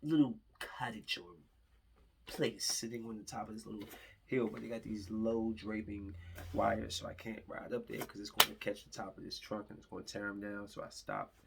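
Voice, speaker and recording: A man's voice: lowish voice, flat delivery, moderate pace, creaky, a little hiss or hum. A young man hosting his own podcast, telling a long, rambling story full of fillers and asides. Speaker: podcast host. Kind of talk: casual storytelling monologue.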